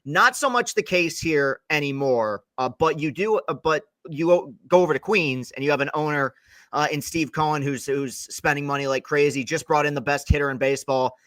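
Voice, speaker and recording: A man's voice: fairly high pitch, moderate pace, a bit bright, no room sound. A young man hosting a casual sports interview podcast, rambling through long questions with frequent restarts. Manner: rambling, self-correcting, long wind-up questions. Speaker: podcast host.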